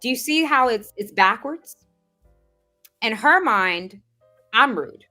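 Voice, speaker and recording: Over faint music, a woman with a slightly high voice speaks slowly in a casual vlog monologue about her own life. The self-improvement vlogger, an adult who's had the same doctor since sixteen, sounds animated and indignant, imitating others' words with emphasis.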